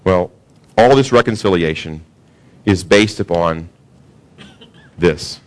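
A pastor preaching a sermon in a casual, conversational way, often asking the congregation questions. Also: male voice, deep voice, takes it slowly. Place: church sanctuary.

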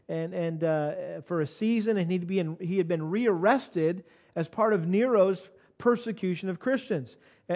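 High-voiced man preaching a sermon. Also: darkish tone. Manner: storytelling, many restarts, rising to emphatic exhortation. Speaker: pastor. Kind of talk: sermon with personal anecdote.

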